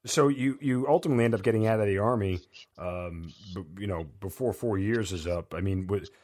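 A man's voice: on the low side, a little fast, darkish tone. A man hosting a casual interview, asking questions with some stammering and false starts. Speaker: interviewer host.

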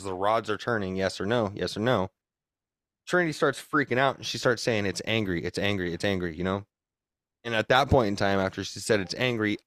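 A man's voice: medium pitch, a bit bright, no room sound, studio quality. A young man casually telling a long story on a podcast, rambling and swearing, with emphatic repeats. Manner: rambling, profane, emphatic retelling.

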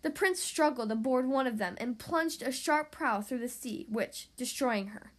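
A woman narrating a children's storybook aloud, steady with small stumbles. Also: high-pitched, moderate pace. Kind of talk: storybook reading.

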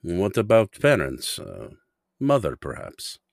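A man voicing a proud Russian father who speaks careful, halting English with a Russian accent. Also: low voice, wildly swooping pitch, vocal fry, dry recording, clean studio sound, full character voice. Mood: gentle. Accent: put-on Russian. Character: proud Russian father searching for his son.

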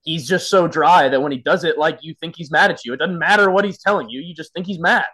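A man's voice: on the high side, quick pace, pushed and bright. A man hosting a casual podcast chat, eagerly prompting his guest. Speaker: podcast host, former player.

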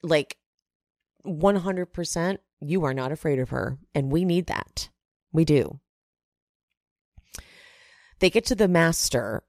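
A woman recaps a reality show in a chatty, unhurried way, tossing in animated asides. Her voice sits a little low. The sound is dry and close, with no room echo. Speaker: recap podcast host.

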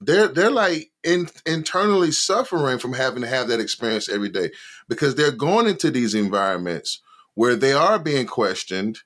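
A man's voice: mid-range voice, animated, moderate pace, a bit bright. A man co-hosting a podcast, talking in a laid-back, conversational way. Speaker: podcast co-host. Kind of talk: casual discussion.

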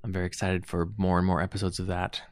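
A man with a fairly low voice co-hosts a casual podcast chat, trading dry, teasing quips with his partner. The recording is dry and close, with no room sound around him. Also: monotone, quick pace, no room sound. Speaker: podcast co-host.

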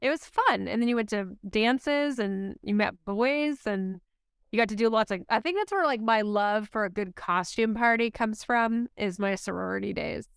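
A woman's voice: medium pitch, normal speed, gravelly, clear, resonant tone, no room sound, clean studio sound. A woman co-hosting a podcast in casual chat, rambling and filling her speech with "like". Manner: rambling, heavy use of "like". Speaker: podcast co-host.

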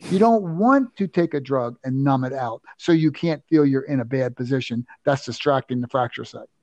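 An older man telling a personal story as an interview guest, animated, emphatic and self-assured. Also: mid-range voice, moderate pace, dry recording, dull audio. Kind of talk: anecdotal storytelling.

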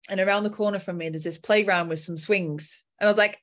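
A woman's voice: mid-range voice, steady tone, quick pace, hardly any pauses. A young adult woman coach telling a personal story in a casual chat and acting out her own inner voice.

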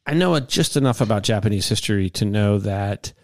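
Male podcast host, low voice, rambling storyteller, dry studio mic. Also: animated, fairly quick, a little mellow, no echo. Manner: rambling, repeats words, acts out quotes. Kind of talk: casual storytelling chat.

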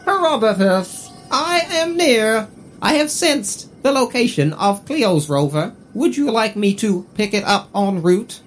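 A man voicing a calm, formal ship computer in a role-play game. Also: high voice, measured pace, slight background noise, voice pushed up.

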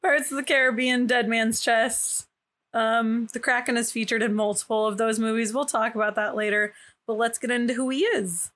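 A woman's voice: fairly high pitch, steady tone, moderate pace, a bit bright. A woman co-hosting a podcast in casual chat, joking and giggling as she argues her point. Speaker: podcast co-host.

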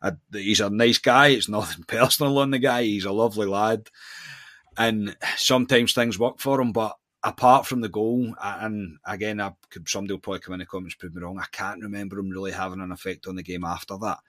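A man's voice: fairly low pitch, steady tone, fairly quick, a bit bright, dry recording. A man with a Scottish accent, co-hosting a podcast and giving opinionated football talk in a casual chat, often restarting his sentences. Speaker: podcast co-host.

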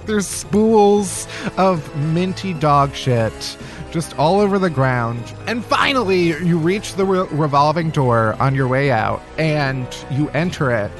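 Comic male podcast host, high and bouncy delivery, swears and laughs through his bits. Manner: animated, swearing, laughing at own jokes. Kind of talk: comedic monologue.

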